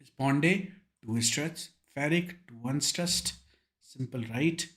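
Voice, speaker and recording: A man's voice: fairly high pitch, slow pace, fairly bright tone. An emphatic young male teacher with an Indian English accent, running through exam revision points. He drills key terms one by one, slipping Hindi words into his English. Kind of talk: online revision lecture.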